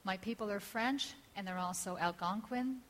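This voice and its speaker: A woman giving a prepared seminar talk in a measured, ceremonial way. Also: medium pitch, fairly bright tone, slight background noise, low-quality recording. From Northeastern North America. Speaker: speaker.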